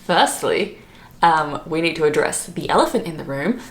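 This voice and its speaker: A woman's voice: low-pitched, animated, moderate pace, echoey room, a little hiss or hum. A young Australian woman chatting casually to her vlog audience, bubbly and self-mocking, laughing often. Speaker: vlogger.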